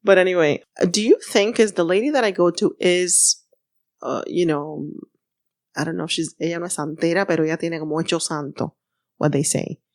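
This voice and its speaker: A woman's voice: on the low side, brisk, darkish tone, no room sound, studio quality. A woman co-hosting a podcast in casual chat, laughing easily and mixing Spanish phrases into her English. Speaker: podcast co-host.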